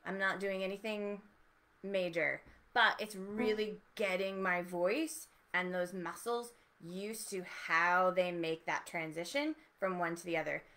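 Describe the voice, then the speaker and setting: A woman voice teacher giving an encouraging, explanatory lesson with relaxed spoken demonstrations. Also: on the low side, a little slow. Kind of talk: online voice lesson.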